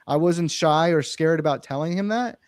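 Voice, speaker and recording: A man's voice: fairly high pitch, normal speed, no echo, clean studio sound. A young man, a real estate investor, earnestly telling a personal story as a podcast guest. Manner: earnest, emphatic, swears it's true. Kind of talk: casual interview storytelling.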